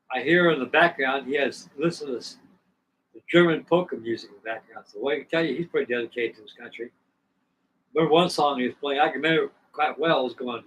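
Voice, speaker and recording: A man's voice: a little high, fairly bright tone. A man in his sixties hosting a live stream, telling a long story in a rambling, casual way with many restarts. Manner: rambling, frequent restarts and asides. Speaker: host. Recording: distant mic with faint background noise.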